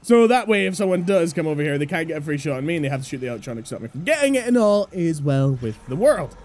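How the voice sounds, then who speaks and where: A young woman giving loud, excitable gameplay commentary, swearing and laughing often. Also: sits low, quick pace. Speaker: gameplay streamer.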